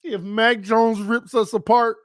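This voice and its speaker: A man hosting his own sports fan channel, giving casual commentary to viewers in a playful, excitable way. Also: high-pitched, unhurried, no room sound, clean studio sound. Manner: playful, excitable, swings between calm and shouting.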